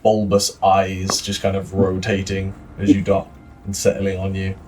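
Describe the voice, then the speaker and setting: A man's voice: low voice, completely flat delivery, a little slow, darkish tone, soft background music. A man with a Welsh accent, narrating a tabletop game as dungeon master in a loose style full of fillers. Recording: distant mic with faint noise.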